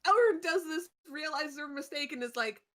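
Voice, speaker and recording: A woman's voice: high-pitched, lively intonation, normal speed, fairly bright tone. A woman playing a tabletop game, bantering and giggling as she rolls dice. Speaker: player. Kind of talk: casual tabletop game chat.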